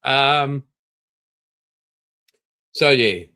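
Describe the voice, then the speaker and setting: A man's voice: medium pitch, extremely slow, sharp tone, smooth, poor audio. An older Australian man, tired, hosting a live stream and rambling casually while greeting viewers. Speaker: livestream host.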